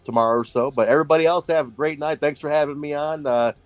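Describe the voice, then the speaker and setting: A man's voice: a little high, steady tone, quick pace, a crowd in the background. A man co-hosting a casual late-night stream chat, laid-back and swearing freely, sometimes drawling. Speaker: podcast co-host.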